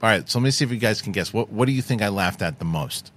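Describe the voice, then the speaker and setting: An eager man leads a relaxed movie chat, his voice sitting on the low side. He rambles happily and doubles back mid-sentence, caught up in how much he liked the film. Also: quick pace, a little hiss or hum. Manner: enthusiastic, rambling with restarts. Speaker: podcast host. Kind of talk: casual film discussion.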